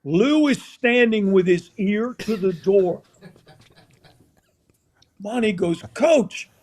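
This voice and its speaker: This former football coach, an older man guesting on the show, talks slowly in a high-pitched voice. His casual anecdotes come alive as he acts out the scenes like an animated storyteller.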